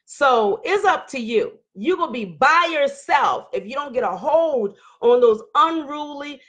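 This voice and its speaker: A woman's voice: high voice, lively intonation, measured pace, fairly bright tone. Fired-up preachy woman host. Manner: fired-up, preachy, hollering at times. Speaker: host of a live online talk show. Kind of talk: casual livestream talk, reading viewer comments.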